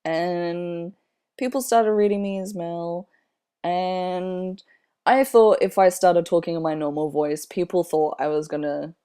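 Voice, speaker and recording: Slow, soft-spoken young man. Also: sits high, steady tone, smooth. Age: 20s. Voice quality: slightly airy. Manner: unhurried, rambling, many fillers and restarts. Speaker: vlogger. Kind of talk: casual personal vlog talk.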